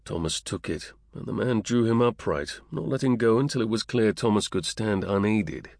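A man narrating an audiobook in a measured, even way. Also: lowish voice, vocal fry, dry recording, clean studio sound.

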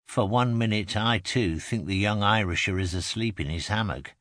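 Male audiobook narrator, low voice, measured first-person telling, dry booth. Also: fairly bright tone, no echo. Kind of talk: scripted narration.

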